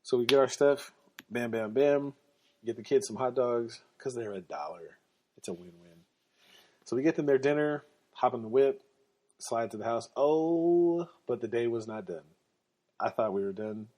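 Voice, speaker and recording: Give me a man with a slightly husky voice, telling casual animated stories on his podcast. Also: medium pitch, moderate pace. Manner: animated, laughing often, slangy. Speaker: podcast host. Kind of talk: casual storytelling.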